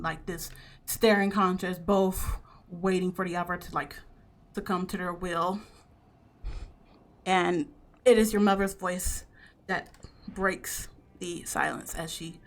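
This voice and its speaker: A woman's voice: fairly low pitch, fairly bright tone. A woman narrating a tabletop game as game master, casual and full of fillers.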